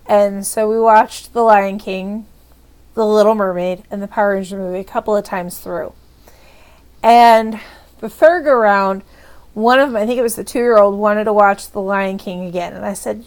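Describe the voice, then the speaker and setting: A woman vlogger telling a rambling personal story in a casual storytime style, often restarting and laughing. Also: medium pitch.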